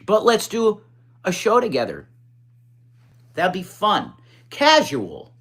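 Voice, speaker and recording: A man's voice: slow pace, slightly rough. A man hosting a casual livestream, chatting with viewers and reading comments in a blunt, profane, rambling way. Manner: blunt, profane, chatty, swings up in pitch when excited. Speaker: livestream host. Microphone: phone.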